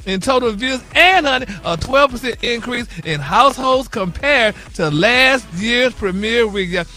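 A man's voice: very high voice, animated, a little slow, bright, forceful tone, faint music behind. A man co-hosting a morning radio show, reading celebrity news in a sassy manner, calling everyone "honey" and "baby". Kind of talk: flamboyant gossip segment.

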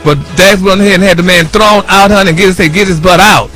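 A man's voice: high-pitched, a little fast, hardly any pauses, a bit bright, faint music behind. A man hosting a radio celebrity gossip segment in a flamboyant, sassy way, calling everyone honey.

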